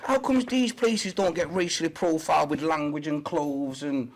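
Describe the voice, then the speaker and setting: A man's voice: on the high side, normal speed. A man, a podcast guest speaking emphatically in casual interview talk, checking in with "yeah?" as he goes. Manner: emphatic, frequent "yeah?" check-ins and "mm" backchannels.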